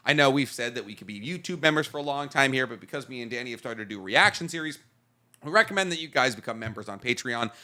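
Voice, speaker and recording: A young man co-hosting a casual comedy podcast, animated and joking, now and then breaking into loud silly voices. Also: medium pitch, quick pace. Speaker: podcast co-host.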